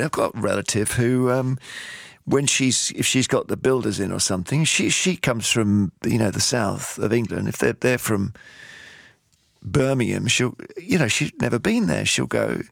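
A man presenting a radio talk show, speaking in a quick conversational way with frequent restarts. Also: mid-range voice, lively intonation, gravelly, fairly bright tone, dry recording, clean studio sound. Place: radio studio.

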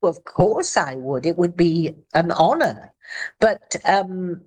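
A woman with a Scottish accent, chatting lively in an interview as an actress guest and laughing easily. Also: fairly low pitch, slow pace, husky. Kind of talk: casual interview chat.

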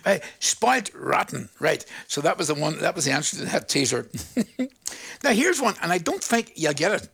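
A man's voice: fairly high pitch, big pitch swings, moderate pace, creaky, fairly bright tone, husky. Chatty radio presenter man. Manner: chatty, playful, laughs at his own jokes. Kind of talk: radio request show chat.

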